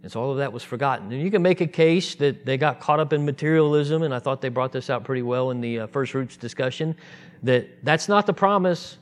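A man preaching a sermon, animated and acting out the voices of the people in his story. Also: mid-range voice, a little fast. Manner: animated, acts out voices in quotes.

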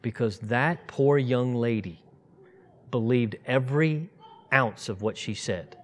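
A man's voice: medium pitch, slow. A man in his fifties giving an informal sermon, conversational and digressive, now and then rising to emphatic outbursts. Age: 50s. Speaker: preacher.

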